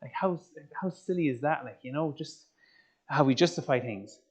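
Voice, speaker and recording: A man giving a personal testimony talk, telling his story in an animated way and turning to the audience with questions. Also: medium pitch, normal speed, breathy edge. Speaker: speaker. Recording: slightly muffled recording.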